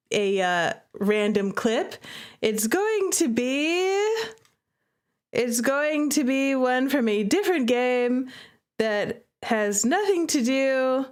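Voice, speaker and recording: A woman streaming a game live, talking playfully to her chat and laughing often. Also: high voice.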